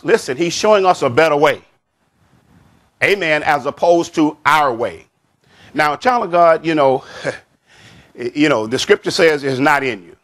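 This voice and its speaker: A man preaching a sermon as pastor, slow and emphatic, repeating phrases and saying "amen" often. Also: a little high, fairly bright tone.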